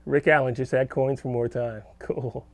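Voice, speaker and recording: A middle-aged man with a gravelly, creaky edge to his mid-pitched voice. He chats loosely on a live stream from his home studio, drifting from thought to thought as he answers viewer comments. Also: steady tone, normal speed, no room sound. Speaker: guitarist hosting a live stream. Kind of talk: casual live-stream chat.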